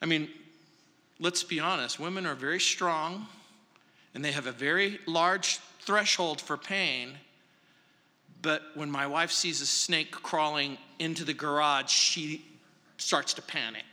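Slow, bright-voiced preaching pastor. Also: male voice, fairly high pitch, big-room sound. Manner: slow, emphatic preaching with long pauses, dropping soft for stress. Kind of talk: verse-by-verse sermon. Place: large church sanctuary.

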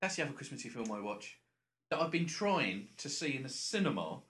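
A man's voice: mid-range voice, big pitch swings, brisk, fairly bright tone, a little hiss or hum. A man co-hosting a podcast, chatting casually in a jokey, rambling way. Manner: jokey, rambling, slips into silly voices. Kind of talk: casual chat.

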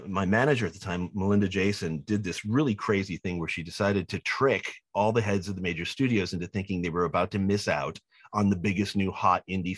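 A man, a film director being interviewed, telling lively anecdotes and acting out the people he quotes. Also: fairly low pitch, slightly rough, no echo. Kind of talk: animated storytelling in an interview.

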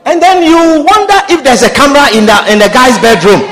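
High-voiced man preaching with lively pitch. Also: brisk. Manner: impassioned, repetitive, calls out hallelujah and amen. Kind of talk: sermon.

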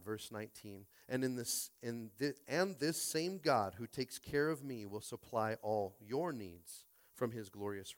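A man preaching a Sunday sermon as pastor, stumbling over repeated words and rallying his listeners. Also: medium pitch.

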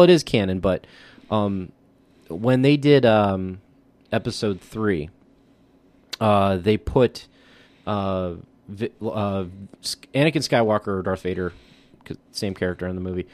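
A man's voice: lowish voice, a little slow, darkish tone. A man co-hosting a podcast in casual chat, easygoing, full of "like" and "you know". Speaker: podcast co-host.

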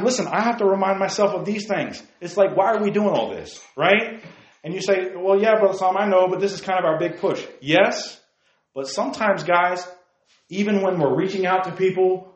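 Male pastor, slightly high voice, chatty sermon delivery, dull lo-fi sound in a roomy church. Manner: conversational, asks the congregation questions.

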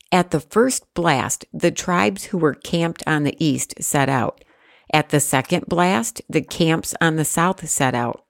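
Low-voiced woman reading scripture. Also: creaky, no echo, studio quality. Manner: steady, measured reading with careful pauses. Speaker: scripture reader.

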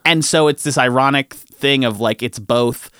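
A man's voice: mid-range voice, moderate pace, sharp tone, clean tone, dry recording, clean studio sound. A young man in casual chat, rambling with lots of fillers and the odd swear.

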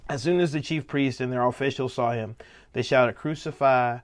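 A man's voice: mid-range voice, a little fast. Man preaching verse by verse. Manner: reads scripture verse by verse, then explains in animated paraphrase. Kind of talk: sermon.

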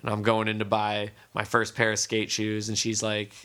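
A man's voice: fairly low pitch, monotone, normal speed, sharp tone, slight background noise. A man in his thirties co-hosting a casual podcast chat, telling stories with plenty of profanity. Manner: profane, storytelling. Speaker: podcast co-host.

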